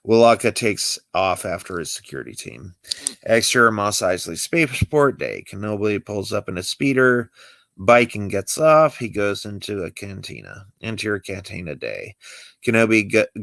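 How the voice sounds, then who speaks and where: A man reading out the stage directions of his own fan script, lively and uneven with small slips. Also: fairly low pitch, gravelly, dry recording. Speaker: script reader.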